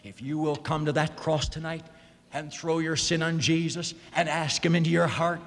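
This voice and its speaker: A man preaching a fiery sermon, swinging between near-shouts and hushed, low lines. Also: fairly even intonation, moderate pace. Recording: long hall reverb.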